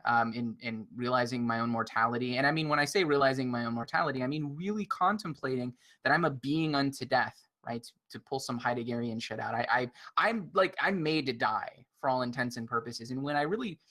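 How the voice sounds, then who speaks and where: A man's voice: medium pitch, bright, forceful tone. A man co-hosting a roundtable film podcast, reflective and philosophical, often checking in with "right?". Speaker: podcast co-host.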